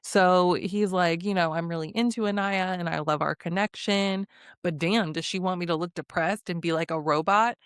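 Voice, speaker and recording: Young woman, low-pitched, casual recap vlogger, sassy and laughing, dry close recording. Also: fairly even intonation, moderate pace, clean tone, no room sound. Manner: sassy, opinionated, laughs often between remarks. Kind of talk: casual reality-show recap.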